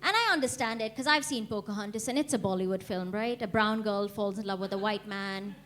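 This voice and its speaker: A young woman from India performing a stand-up comedy set, deadpan and laughing at her own jokes. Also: medium pitch, a little fast, soft background music. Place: comedy club stage.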